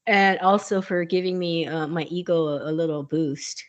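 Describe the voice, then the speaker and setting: A woman's voice: fairly low pitch, little pitch movement, moderate pace. A woman in her sixties, a podcast co-host chatting casually and telling a story, laughing often and acting out the people she quotes. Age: 60s. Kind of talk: casual chat.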